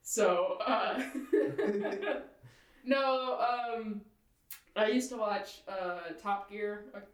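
A woman's voice: mid-range voice, extremely slow. Chatty woman laughing through a roomy podcast. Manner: chatty, laughs often, rambling. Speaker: podcast co-host. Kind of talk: casual chat. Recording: echoey room from far off with faint noise.

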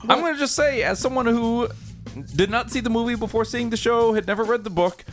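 A man co-hosting a comedy podcast, bantering casually with wry, deadpan jokes and an easy laugh. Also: very high-pitched, a little fast, faint music behind. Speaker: podcast co-host.

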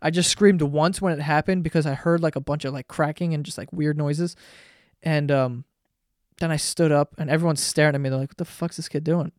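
A man's voice: a little high, fairly even intonation, brisk, no room sound. Rambling, swearing young man on a dry mic. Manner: rambling, profane, lots of filler words. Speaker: vlogger. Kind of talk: casual storytelling monologue.

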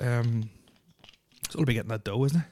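A man's voice: mid-range voice, brisk, warm tone. A young Irish man hosting a casual podcast, rambling and swearing constantly, with lots of filler words on a close mic. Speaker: podcast host.

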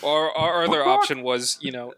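A man's voice: a little high, normal speed, a bit bright, dry recording. A man playing a tabletop game, dry and matter-of-fact.

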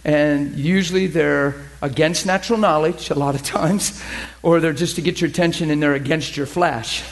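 A middle-aged man with a notably high-pitched voice teaches a class in the style of a sermon. He tells personal stories with animated emphasis and laughs often. He keeps asking his listeners whether they get it. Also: normal speed. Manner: emphatic, asks listeners questions.

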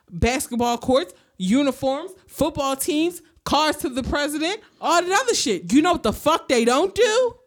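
Young woman, higher voice, heated sarcastic rant full of swearing, casual chat. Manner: profane, heated, sarcastic ranting. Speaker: podcast co-host.

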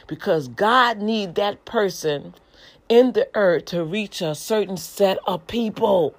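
A middle-aged woman, preaching in a casual, animated way and calling her listeners y'all. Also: mid-range voice, slow. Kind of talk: informal preaching broadcast.

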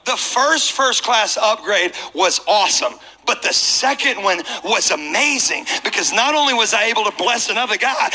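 A man preaching as a pastor, telling a personal story in a humorous, animated way. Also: high voice, normal speed, hardly any pauses, a little hiss or hum, low-quality recording.

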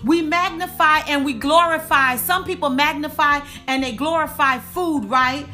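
A woman's voice: sits high, bright, forceful tone, faint music behind. A woman giving a preaching-style wellness talk, calling her listeners y'all and repeating lines for emphasis. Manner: repeats lines for emphasis, slow drawn-out punch words. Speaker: faith and wellness speaker.

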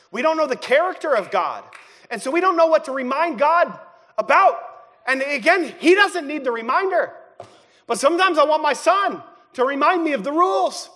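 A young man preaching a sermon as pastor, moving between quiet prayerful passages and loud shouted ones. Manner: animated, swings from low prayerful tones to shouting. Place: church sanctuary. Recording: long hall reverb with faint music.

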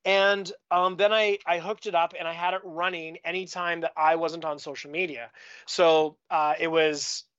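A Canadian man on a podcast talks casually about his work, telling stories in a rambling way with frequent restarts and fillers. His voice is a little high, fairly bright, clear and resonant, with fairly even intonation and a moderate pace, though the recording is muffled.

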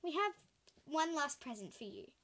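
A woman's voice: sits high, sing-song, normal speed, fairly bright tone. A woman doing a playful, cheerful dad. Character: cheerful father with a surprise.

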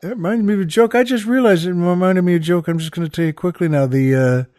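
A man's voice: high-pitched, fast, a little mellow. A man hosting a podcast, telling jokes in a rambling, chuckling way with many restarts and fillers. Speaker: podcast host. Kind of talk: casual joke telling.

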